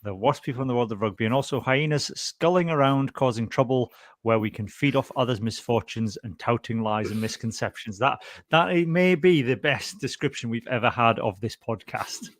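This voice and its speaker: A man's voice: medium pitch, moderate pace, no echo. A Scottish man hosting a podcast in casual, jokey chat, rambling with restarts. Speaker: podcast host.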